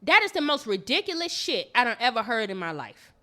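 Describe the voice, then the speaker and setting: A woman co-hosting a podcast in casual chat, telling stories in an animated, emphatic way. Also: a little high, fairly quick. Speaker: podcast co-host.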